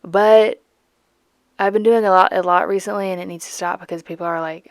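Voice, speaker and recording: In clean studio sound with no echo, a young woman speaks in a lowish, fairly quick voice with fairly even intonation. The Georgia-born art channel host, lightly Southern, narrates her painting playfully, goofy and self-mocking, now and then dropping to a whisper.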